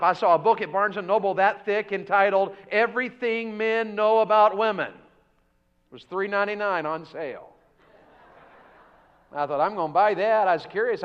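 A man preaching a revival sermon in church, swinging between loud emphatic exhortation and soft joking asides. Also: high-pitched, highs cut off. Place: church sanctuary.

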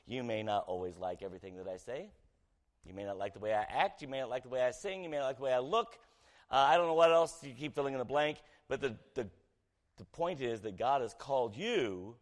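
Pastor preaching with big swings in volume. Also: male voice, medium pitch. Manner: conversational, asks the congregation questions, swings from loud to hushed. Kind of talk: sermon.

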